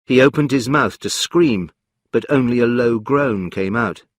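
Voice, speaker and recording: Male storyteller, measured clear reading, dry close sound, mid-pitched voice. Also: no echo. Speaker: narrator. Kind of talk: scripted story narration for learners.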